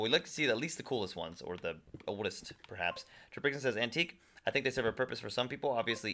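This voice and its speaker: A man hosts a laid-back gaming livestream, reading viewer chat messages aloud and answering them conversationally. His voice is low-ish and creaky, with a pushed, bright quality.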